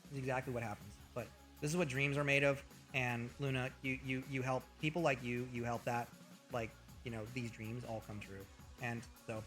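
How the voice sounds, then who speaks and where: A young man streaming live, chatting casually in a rambling, excitable way with a lot of swearing. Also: mid-range voice, moderate pace, faint music behind.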